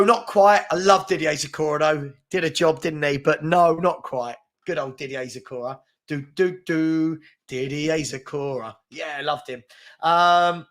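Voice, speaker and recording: A middle-aged man chats on a daily football live stream, answering viewer comments. His voice sits a little high. He argues in an animated, exasperated way.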